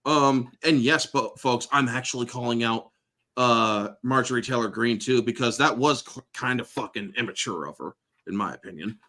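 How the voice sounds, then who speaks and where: A man's voice: medium pitch, moderate pace, bright, forceful tone. A male host delivering a blunt, sarcastic political rant full of swearing.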